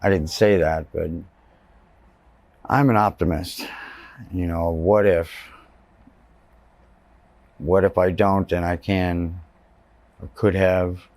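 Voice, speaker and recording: A man's voice: sits low, fairly even intonation, takes it slowly, pauses often, darkish tone, no room sound. A man from Texas giving personal testimony in an interview, telling his story candidly and plainly.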